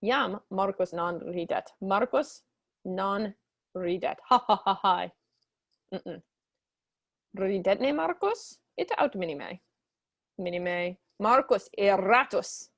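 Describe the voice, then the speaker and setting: Woman teaching Latin, dry gravelly voice. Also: animated, dry recording. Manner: reads Latin lines slowly, then explains quickly in English; acts out characters with high squeaky voices. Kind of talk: explaining a textbook story.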